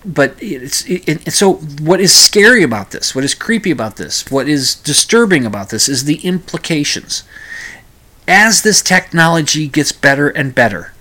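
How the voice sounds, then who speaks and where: A man's voice: fairly high pitch, big pitch swings, moderate pace, pushed and bright. A man hosting his own talk radio show, chatting alone in a rambling way with many restarts. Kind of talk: casual solo podcast monologue.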